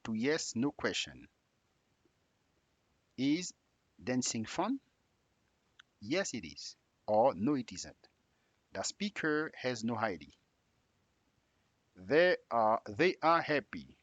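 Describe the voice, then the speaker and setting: Male English teacher, slow deliberate delivery, husky voice, dry close sound, lively exaggerated pitch on question tags. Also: no echo, highs cut off. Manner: drills example sentences with exaggerated rising tags. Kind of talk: slow spoken grammar lesson.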